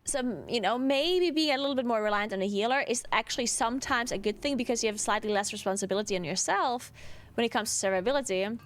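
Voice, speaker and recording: A woman streamer talks through her views in a relaxed, casual way. Her voice sits a little high, and she hedges often, tossing in "like" and "right?" as she thinks out loud. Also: quick pace. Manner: thinking aloud, hedging, many "like" and "right?".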